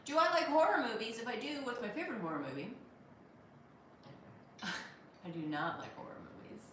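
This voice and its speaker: A woman hosting a casual live stream, reading viewer comments aloud in an animated, chatty way and laughing often. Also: fairly high pitch, moderate pace, distant mic. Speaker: livestream host. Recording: echoey room, voice off-mic, noisy.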